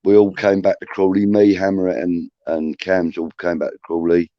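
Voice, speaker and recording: Host, late fifties, Scouse, deep and rambling, dull lo-fi webcam sound. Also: male voice, flat delivery, moderate pace, no room sound. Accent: Liverpool. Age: 50s. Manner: rambling storyteller with restarts and swearing. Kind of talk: casual chat on a video call.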